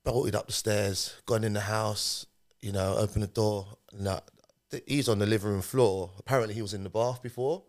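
A man speaks in a fairly low voice, recounting a personal story as a guest on a talk show. He retells events in a conversational way and voices the lines of the people in his story. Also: moderate pace. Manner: animated retelling, acting out quoted speech. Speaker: podcast guest.

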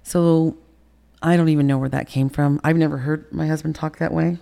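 A woman's voice: low voice, steady tone, moderate pace, creaky, warm tone. A woman in her sixties, an interview guest telling a candid personal story, acting out past conversations and often sinking to a whisper. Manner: reenacts conversations, dropping into whispers.

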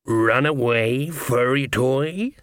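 A man reading an audiobook, voicing a brutish one-eyed tomcat turned into a man, slow and gruff. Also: mid-range voice, no echo, clean studio sound, lightly acted. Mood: menacing.

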